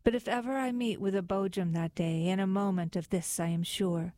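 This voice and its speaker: A woman's voice: mid-range voice, a little fast, dark tone, no echo, natural voice. A woman voicing a timid, tearful male baker in a storybook poem, anxious and plaintive.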